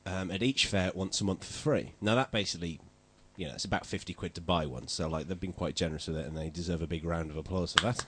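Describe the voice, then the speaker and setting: A man hosting a casual group podcast, chatty and rambling, full of fillers and quick laughs. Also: low voice, a bit bright, husky. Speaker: podcast host.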